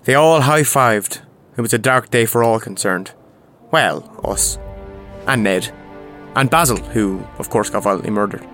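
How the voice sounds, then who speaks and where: A man narrating a comic improvised audio drama in a wry, deadpan way with puns. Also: on the low side, a little slow, faint music behind. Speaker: narrator and lead player.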